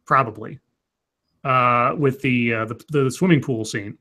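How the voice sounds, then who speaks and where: A man's voice: medium pitch, a little slow, sharp tone. A man co-hosting a casual chat, retelling a movie scene by scene with lots of restarts and acted-out quotes. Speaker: podcast co-host recapping a movie.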